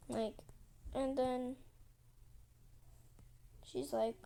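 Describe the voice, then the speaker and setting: A woman's voice: a little high, steady tone, slow, creaky, long pauses, dark tone. A woman telling a rambling story casually while drawing, repeating herself and acting out quotes with lots of "like". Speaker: channel host.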